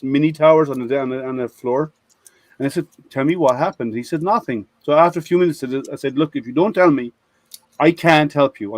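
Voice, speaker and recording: A man's voice: mid-range voice, no room sound. Chatty man telling IT stories. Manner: rambling storyteller, many restarts. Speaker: IT product manager at a software company. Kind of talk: casual group chat. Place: online video hangout.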